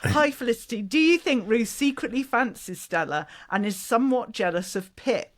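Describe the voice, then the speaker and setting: A woman's voice: a little high, animated, moderate pace. Woman co-host from Shropshire. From Shropshire, England. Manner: hesitant, self-deprecating, reads listener questions. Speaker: podcast co-host. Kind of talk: casual interview chat.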